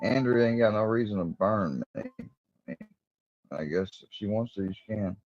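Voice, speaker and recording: A man's voice: fairly low pitch, normal speed, a little mellow. A man hosting a livestream, ranting in an angry, profane, confrontational way. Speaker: livestream host. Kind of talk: heated livestream rant. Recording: dull lo-fi stream audio.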